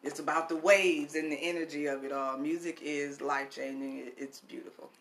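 Bright, expressive chatty host. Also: medium pitch, brisk, a little hiss or hum. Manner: expressive, animated, says "baby" and "look" a lot. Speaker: show host. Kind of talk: casual chat.

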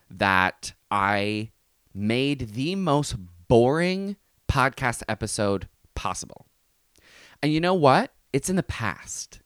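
Young male podcast host, lively swooping delivery, exasperated and sarcastic, dry close mic. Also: medium pitch, clean tone, no room sound. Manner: animated, exasperated ranting with sarcastic asides. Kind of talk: casual solo podcast rant.

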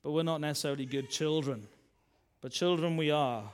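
Brief: male minister, sermon delivery, slightly high voice, conversational, leans on tag questions, swings loud to soft. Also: brisk, clean tone.

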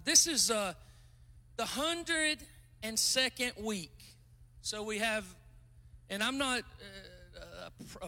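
High, bright-voiced joking preacher man. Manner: chatty, self-mocking, bursts into loud exclamations. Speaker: guest pastor. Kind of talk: casual joking sermon.

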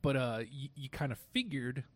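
A man from Chicago chatting on a casual podcast, with an ordinary mid-range voice. He talks in an easygoing, steady way and often lets his sentences trail off quietly. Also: mid-range voice, moderate pace, slightly rough. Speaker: podcast co-host. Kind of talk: casual wrestling chat.

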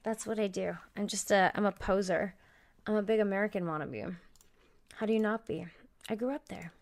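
A woman's voice: mid-range voice, moderate pace, a little mellow. A woman from Canada hosting a live stream, talking casually and profanely with a Valley-girl cadence. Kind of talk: casual livestream chat.

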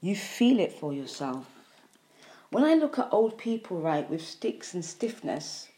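A woman speaks earnestly about diet and disease, hammering home points with repeated lists. Her voice sits low and sounds mellow, and she lingers on key words. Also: sing-song, unhurried. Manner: earnest, emphatic, repetitive lists. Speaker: health speaker. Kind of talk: impassioned health monologue.

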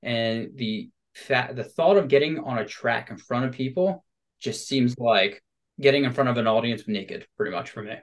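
A man hosts a podcast in relaxed, chatty conversation. He sounds upbeat and animated. His voice sits at an ordinary middle pitch. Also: normal speed. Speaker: podcast host. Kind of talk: casual conversation.

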